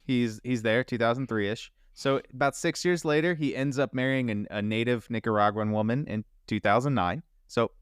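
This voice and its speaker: Man, casual podcast storyteller, smooth clear voice, dry close sound, laughs easily. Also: medium pitch, moderate pace, hardly any pauses, no echo. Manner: loose, laughing storyteller who swears casually. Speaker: podcast co-host telling a true-crime story. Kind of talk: casual chat.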